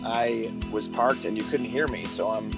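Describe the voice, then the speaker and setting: A man's voice: fairly low pitch, moderate pace, creaky, over loud music. A man co-hosting a podcast, calling in from his parked car and chatting in an easygoing, rambling way. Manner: easygoing, laughing, rambling chat. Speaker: podcast co-host. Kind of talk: casual chat.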